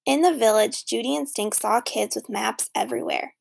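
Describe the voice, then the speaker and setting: Woman, children's story narrator, expressive, gravelly, slightly high. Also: normal speed. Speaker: audiobook narrator.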